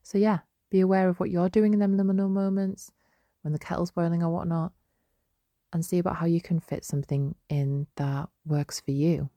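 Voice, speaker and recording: A young woman hosting a solo podcast, chatty and gentle, with many fillers and restarts. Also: on the low side, fairly even intonation, normal speed, no echo. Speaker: podcast host. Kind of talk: casual solo podcast talk.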